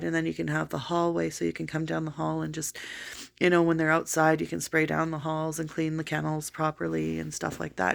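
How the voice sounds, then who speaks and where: A woman's voice: sits low, vocal fry. A woman telling a long personal story in a casual vlog, rambling with many fillers. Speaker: vlogger.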